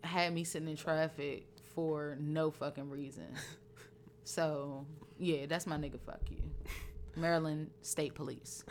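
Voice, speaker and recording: A woman co-hosting a podcast, telling a story in a casual, profane, animated way. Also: sits low, measured pace, slight background noise. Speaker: podcast co-host. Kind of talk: casual chat.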